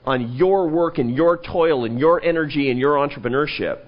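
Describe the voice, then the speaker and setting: A man in an interview, an animated storyteller who jumps up in pitch when quoting people. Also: moderate pace. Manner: animated storyteller, rises sharply in pitch for quoted lines. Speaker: interview guest, think-tank president. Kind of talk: conversational interview. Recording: dull lo-fi event recording.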